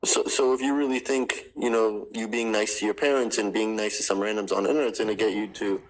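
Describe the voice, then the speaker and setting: A man's voice: lowish voice, steady tone, quick pace, low-quality recording. A man calling into a live chat, debating earnestly and persistently in a casual way.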